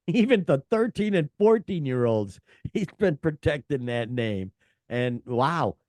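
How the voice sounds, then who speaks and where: A man co-hosting a casual rock music chat show, animated and joking, reading out headlines. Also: mid-range voice, takes it slowly, no room sound. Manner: animated, reads headlines and quotes with a put-on voice. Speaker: podcast co-host.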